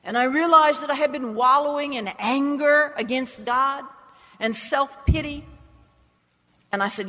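A woman's voice: high voice, measured pace. A woman preacher giving a dramatic personal testimony in a sermon, with emphatic, swinging delivery. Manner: dramatic, emphatic storytelling with wide swings in loudness. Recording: long hall reverb.

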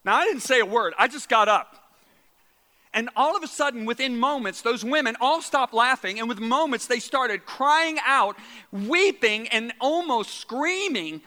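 A high-voiced man preaching with lively, repeating phrases and sudden hushed moments. His bright tone rings through the long reverb of a large hall. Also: a little slow. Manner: animated, repeats words, drops to hushed tones for quotes. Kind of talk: sermon storytelling.

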